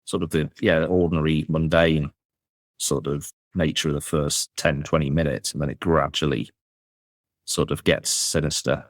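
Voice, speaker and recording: A man hosting a podcast, asking questions in a measured, slightly hesitant way with trailing "sort of"s. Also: very deep voice, fairly even intonation, no echo, clean studio sound. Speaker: podcast host. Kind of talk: interviewing a guest.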